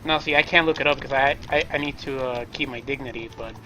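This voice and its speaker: A man's voice: mid-range voice, steady tone, fast, music in the background, low-quality recording. A man co-hosting a casual gaming podcast, teasing and joking with the others. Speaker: podcast co-host.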